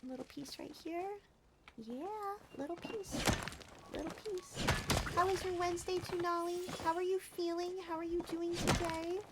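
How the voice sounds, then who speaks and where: Bubbly high-voiced woman streamer. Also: moderate pace, heavy background noise. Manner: bubbly, chatty, greets viewers warmly by name; excitable, squeals at near misses. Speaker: live streamer. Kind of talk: live gameplay commentary.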